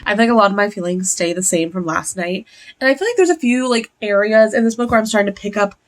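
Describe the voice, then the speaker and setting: A woman's voice: medium pitch, fast talker. A young adult woman chatting casually in a reading vlog, rambling along with lots of "like" fillers. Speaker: book vlogger.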